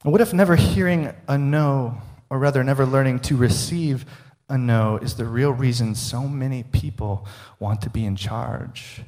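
A man's voice: medium pitch, moderate pace, few pauses, a little mellow. A man preaching a sermon in a conversational, humorous way, often asking his listeners questions. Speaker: pastor.

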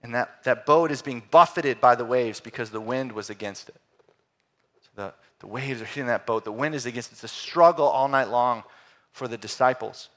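A middle-aged man preaching a sermon, animated, swinging from loud exclamations to hushed, quiet phrases. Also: medium pitch, normal speed. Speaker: pastor.

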